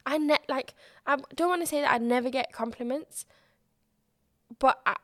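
A woman's voice: sits high, moderate pace, no room sound, studio quality. A woman hosting her own podcast, chatting candidly and expressively and swearing freely. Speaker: podcast host. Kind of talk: casual solo podcast chat.

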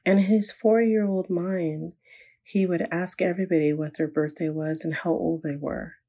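Low gravelly grandmother telling a story. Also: steady tone, normal speed, mellow. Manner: earnest, reflective. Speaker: grandmother sharing a faith story. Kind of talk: inspirational personal storytelling.

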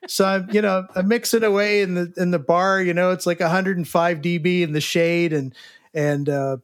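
A man's voice: sits high, steady tone, normal speed, no echo, clean studio sound. A man in his sixties, a podcast guest and sound engineer, telling a rambling story with chuckles and restarts. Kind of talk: casual anecdote telling.

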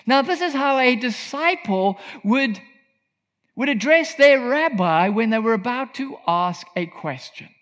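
High-voiced preacher in a reverberant hall. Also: male voice, expressive, unhurried, fairly bright tone. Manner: earnest, emphatic teaching tone. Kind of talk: sermon. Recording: long reverb of a large hall.

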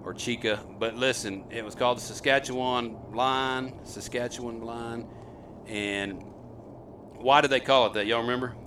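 A man's voice: medium pitch, steady tone, moderate pace, background noise. A middle-aged man and father hosting a hunting video, telling the story in a chatty, rambling way and quizzing his sons. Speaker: host, hunter and father. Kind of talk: casual storytelling to camera.

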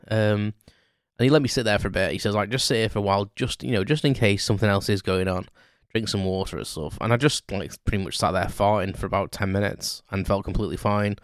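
This is an unscripted storytelling monologue from a male podcast host with a lowish voice. He rambles along in a chatty, self-mocking way with plenty of ums, and the audio is studio quality with no room sound.

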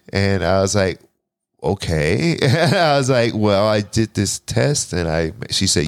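A man in his forties, a podcast guest, telling a personal story in casual, animated talk, often quoting himself and swearing. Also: lowish voice, a little slow, no room sound, studio quality. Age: 40s. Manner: animated, profane, restarts and quotes himself.

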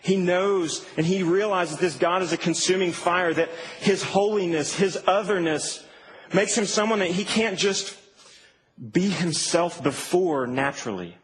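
A man preaching a sermon in a church, conversational and animated, with asides to the congregation. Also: high voice, a little slow. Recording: reverberant hall, faint background hum.

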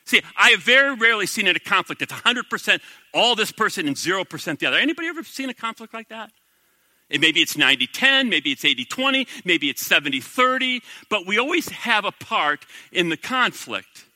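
A middle-aged male pastor delivering a sermon, talking straight to his congregation and asking them question after question. His voice sits high and sounds very bright and clear. It is recorded dry and close, with no room echo. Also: a little fast. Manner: animated, conversational preaching with rhetorical questions.

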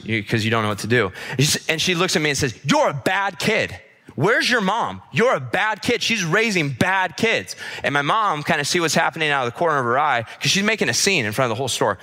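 A man's voice: medium pitch, pushed and bright. Impassioned male pastor in a reverberant church. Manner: impassioned, repeating lines for emphasis. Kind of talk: sermon. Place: church service.

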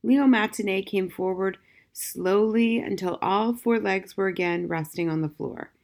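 A woman narrating an audiobook chapter in a calm, measured storytelling voice. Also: medium pitch, vocal fry. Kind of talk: scripted narration.

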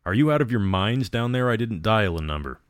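A man voicing a lost young man who shouts and pleads in a spoken story. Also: fairly low pitch, a little fast, dry recording, clean studio sound, natural voice. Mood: pleading.

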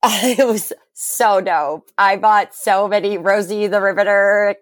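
A woman's voice: medium pitch, steady tone, slow pace, no echo, clean studio sound. A young woman co-hosting a podcast, telling a story in casual, profane chat. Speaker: podcast co-host.

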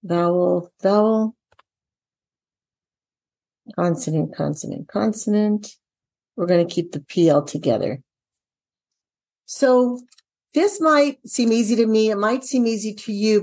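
A woman's voice: mid-range voice, animated, moderate pace, darkish tone. Woman teaching syllable division step by step. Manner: talks herself through each step, asks viewers questions. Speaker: dyslexia teacher trainer. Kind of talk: casual instructional walkthrough.

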